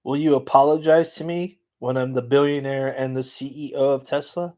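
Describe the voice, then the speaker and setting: A man's voice: medium pitch, little pitch movement, moderate pace, a little mellow. A man hosting a comedy video, teasing an AI with mock-boastful banter in casual chat. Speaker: YouTube comedy host.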